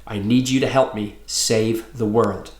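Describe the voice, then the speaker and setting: A man's voice: lowish voice, fairly even intonation, a little slow, echoey room, lightly acted. A man reading aloud voices a frantic, earnest teenage boy, talking in urgent, breathless bursts.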